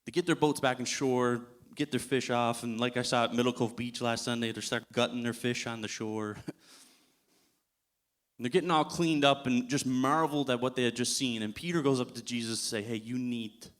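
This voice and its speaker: A man's voice: medium pitch, brisk, fairly bright tone. A man giving a sermon as a guest preacher in a church, telling the story in a casual way and chuckling often.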